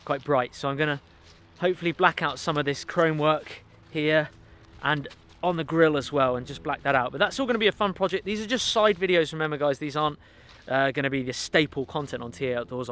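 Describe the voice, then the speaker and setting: A man vlogging casually while walking his dog outdoors in a park, chatty and quick to laugh. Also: fairly high pitch, a bit bright. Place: outdoors in a park and golf course.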